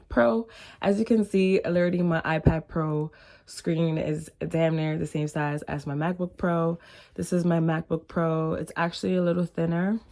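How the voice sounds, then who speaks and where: Congested, gravelly-voiced woman vlogging casually. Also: fairly low pitch, a little mellow. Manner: laid-back and chatty with frequent ums and casual slang. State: stuffy, congested from a cold. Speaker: tech vlogger. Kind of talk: casual unboxing vlog.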